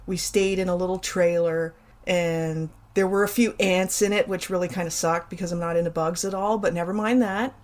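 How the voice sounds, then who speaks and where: A woman's voice: on the low side, steady tone, normal speed, darkish tone. A middle-aged woman from Canada, hosting a casual solo show and chatting animatedly through a personal story with playful emphasis and asides. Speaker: podcast host.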